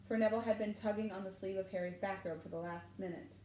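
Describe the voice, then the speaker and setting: A woman teacher reads a story aloud in an animated way, changing her voice for each character. Her voice sits in a medium range. The room is echoey, with a faint hum behind her. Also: medium pitch, fast talker.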